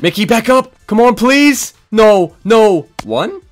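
A man giving excited live commentary on his own video game match, swinging from low muttering to loud yelling and swearing often. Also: takes it slowly, soft background music. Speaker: gaming YouTuber.

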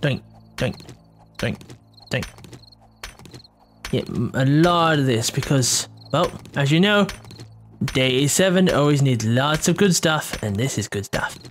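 A playful gameplay commentator talking in a hushed voice at home at night, humming silly sound effects while working. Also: mid-range voice, animated, takes it slowly, long pauses, a little hiss or hum. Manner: hushed, keeping quiet for a sleeping household.

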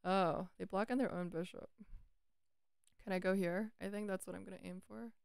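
Smooth-voiced chatty woman commentating chess. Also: mid-range voice, steady tone, normal speed, a little mellow, no echo, clean studio sound. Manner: chatty, self-talking, swears playfully; breaks into sung lines. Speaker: chess streamer.

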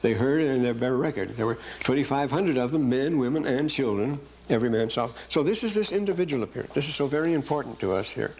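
A man's voice: mid-range voice, animated, fast talker, hardly any pauses, a little mellow, a little hiss or hum. Man lecturing, rambling and self-correcting. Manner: rambling, self-correcting, fumbles for verse numbers; reads scripture aloud with emphasis. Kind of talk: classroom scripture lecture.

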